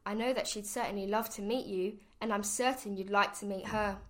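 A woman's voice: mid-range voice, fairly even intonation, a little fast, fairly bright tone, lightly acted. A woman voicing a clever female duck in a storybook, coaxing and sly.

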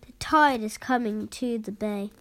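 A woman reading a rhyming picture book aloud, in a lilting delivery that drops to soft whispers at times. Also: fairly high pitch, measured pace, dry recording, poor audio. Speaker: storyteller.

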